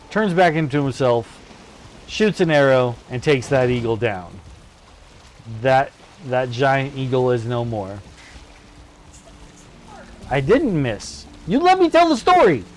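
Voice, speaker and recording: A man streaming a co-op game, chatting casually and telling a myth in a playful, animated way. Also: medium pitch, slow pace, long pauses, slight background noise. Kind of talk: casual gameplay chat with storytelling.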